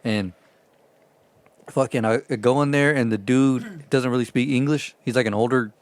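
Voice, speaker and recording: A man co-hosting a podcast, telling a story in casual, profane chat and acting out the shouted lines in it. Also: mid-range voice, moderate pace, dry recording. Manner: profane, animated, acts out shouted quotes. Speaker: podcast co-host.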